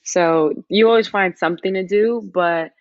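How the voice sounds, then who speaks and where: A woman's voice: mid-range voice, normal speed, no echo, muffled recording. A woman from New York, a podcast guest chatting casually with many fillers.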